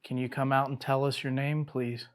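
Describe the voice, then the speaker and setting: A man leading a ghost hunt, asking unseen spirits slow, coaxing questions and dropping to a whisper now and then. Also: medium pitch, little pitch movement, clean tone. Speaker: paranormal investigator. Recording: noisy night recording.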